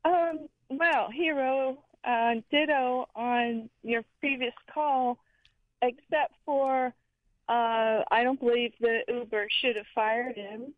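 A woman caller from Florida comes through a thin, tinny phone line, her voice sitting a bit high. She is a little out of breath. She speaks earnestly, pausing with fillers. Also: fairly even intonation, dry recording. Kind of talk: call-in radio chat.

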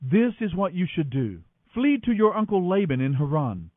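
A man's voice: sits high, big pitch swings, normal speed, no echo, voice pushed up. A man voicing a worried, protective mother giving urgent, firm instructions. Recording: tinny phone-like line, faint music.

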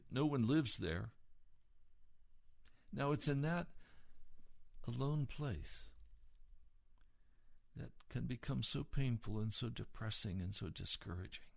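Slow, gravelly-voiced male pastor preaching. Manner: slow, earnest preaching, rising in pitch when exhorting. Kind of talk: sermon.

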